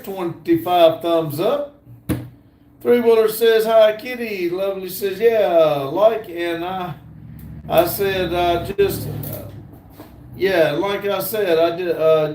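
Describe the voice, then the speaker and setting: An older man hosts a casual livestream from a computer in an indoor room, reading viewer comments aloud with lots of ums and uhs. His voice is high with a darkish tone, and the room sounds echoey.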